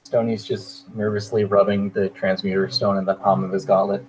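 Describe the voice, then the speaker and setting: A man's voice: on the low side, level tone, normal speed, darkish tone, a little hiss or hum, poor audio. A man playing a tabletop game, speaking hesitantly in and out of character. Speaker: player.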